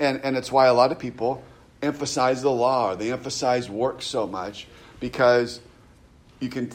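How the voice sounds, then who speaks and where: A man, a pastor teaching verse by verse through a Bible chapter in a conversational way, often tagging his points with "right?" and restarting phrases. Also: mid-range voice.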